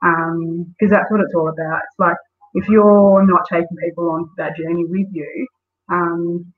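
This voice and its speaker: A woman's voice: lowish voice, steady tone, measured pace. A woman being interviewed as a guest, telling stories with many fillers. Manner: storytelling, lots of fillers. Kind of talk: casual interview. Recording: tinny phone-like call audio.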